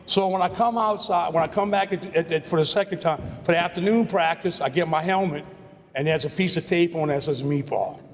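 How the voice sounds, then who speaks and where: Late-50s man, slightly high voice, rambling podium speech, long hall reverb. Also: brisk. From Louisiana, USA. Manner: rambling, repeats words, storyteller. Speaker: hall of fame inductee. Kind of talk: acceptance speech.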